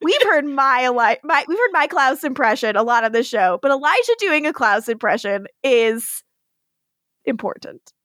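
High-voiced woman, crisp dry sound. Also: normal speed, no room sound. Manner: animated, profane, laughing while retelling scenes. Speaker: podcast co-host. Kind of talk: casual episode recap.

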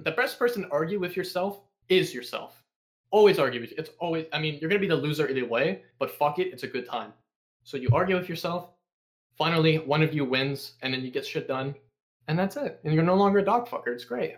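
A man's voice: on the high side, a little fast. Profane, sarcastic young man. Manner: sarcastic, swears constantly, animated impressions. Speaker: podcast guest. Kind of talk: casual profane storytelling.

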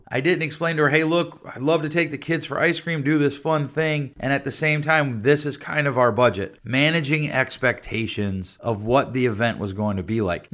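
A man's voice: medium pitch, a bit bright. A middle-aged man hosting a relationship podcast, explaining earnestly and telling stories from his life. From Michigan. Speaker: podcast host and counselor. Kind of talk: solo podcast talk.

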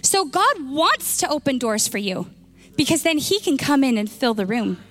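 A woman pastor with a high, bright voice, preaching and retelling a story in an animated way. She acts out the dialogue and often restarts her sentences. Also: normal speed. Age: young adult. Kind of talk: sermon.

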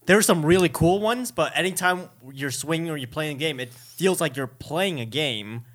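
Young male co-host, raised pitch, eager and profane. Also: lively intonation, normal speed, fairly bright tone. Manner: enthusiastic, swears casually. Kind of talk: casual chat.

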